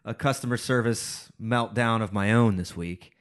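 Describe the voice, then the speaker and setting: A man co-hosting a podcast in casual chat. His remarks are dry and low-key. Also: normal speed. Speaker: podcast co-host.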